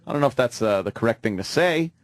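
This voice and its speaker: Sardonic New radio host. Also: male voice, medium pitch, expressive, fast talker, dry recording, clean studio sound. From Long Island. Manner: sardonic, profane, joking. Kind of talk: casual radio banter.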